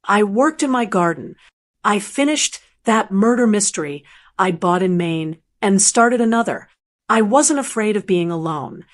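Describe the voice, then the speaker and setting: A woman narrating a first-person family story aloud in a calm, measured, reflective way. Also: medium pitch.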